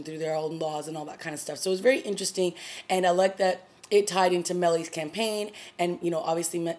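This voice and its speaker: A woman with a fairly low voice talks through a TV episode in a relaxed vlog. She is chatty and animated, leaning on "you know" and "like" as she retells the scenes. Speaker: TV review vlogger. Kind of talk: casual solo TV episode review.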